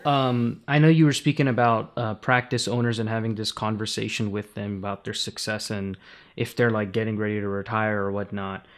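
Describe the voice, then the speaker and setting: A man's voice: on the low side, flat delivery, a little fast. A man hosting a podcast, chatting casually and asking questions with a few ums. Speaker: podcast host. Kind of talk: casual interview chat.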